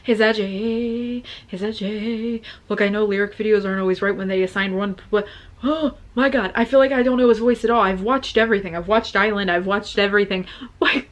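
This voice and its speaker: A young woman hosting a music reaction video, talking casually to her viewers and gasping and stammering with excitement as she listens. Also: medium pitch, fast. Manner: talks straight to viewers. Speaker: reaction channel host.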